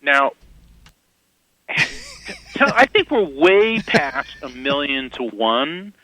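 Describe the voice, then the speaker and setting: A man guesting on an interview, telling lively anecdotes with quick asides and chuckles. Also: on the high side, rough recording. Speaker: guest psychic medium. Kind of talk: casual interview storytelling.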